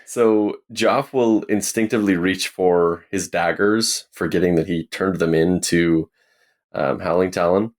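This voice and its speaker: Man, tabletop player, very low voice, slow delivery, unhurried. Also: fairly even intonation. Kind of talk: playing a tabletop game.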